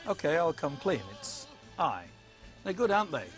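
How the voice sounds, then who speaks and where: Older male TV pundit, high voice that swoops all over, cheeky self-mocking banter, music behind. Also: big pitch swings, normal speed. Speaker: sports pundit. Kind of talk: broadcast studio banter.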